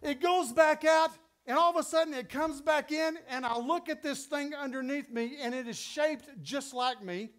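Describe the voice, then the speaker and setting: A middle-aged man with a West Texas accent, preaching a sermon through an animated personal story that builds to emphatic peaks. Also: very high voice, moderate pace, hardly any pauses. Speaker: pastor.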